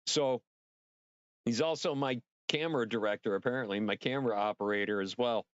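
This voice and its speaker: A man hosting a casual livestream, rambling and excitable, swearing freely and talking straight to his viewers. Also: medium pitch, a little fast, no echo, muffled recording. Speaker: livestream host.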